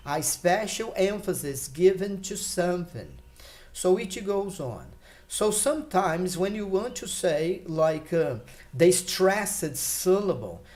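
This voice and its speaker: Man teaching English patiently. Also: darkish tone. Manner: patient and explanatory, lets listed words fall in pitch; thinks aloud with fillers and restarts. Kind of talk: online English lesson for learners.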